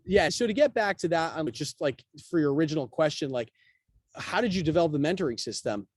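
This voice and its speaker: Man guest on a podcast, quick and lively raconteur, slightly high voice, dry close sound. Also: slightly rough, no room sound. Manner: animated, quick storyteller acting out quotes. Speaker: guest, real estate broker. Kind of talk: casual storytelling interview.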